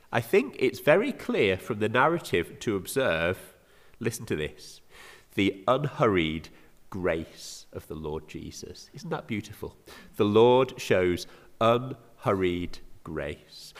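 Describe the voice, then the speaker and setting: A man's voice: lowish voice, very animated, takes it slowly. A man with an English accent preaching a sermon, earnest and often asking his listeners rhetorical questions. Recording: reverberant hall.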